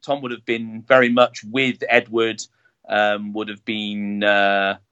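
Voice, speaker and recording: A man's voice: fairly low pitch, completely flat delivery, slow pace, pushed and bright, clear, resonant tone. A man, a town jester being interviewed, talking casually with many fillers and restarts. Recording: dull lo-fi sound.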